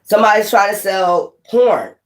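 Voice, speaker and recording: A woman's voice: mid-range voice, normal speed. A woman giving a casual tarot reading to camera, speaking bluntly with profanity and calling out card words one at a time. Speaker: tarot reader. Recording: echoey room.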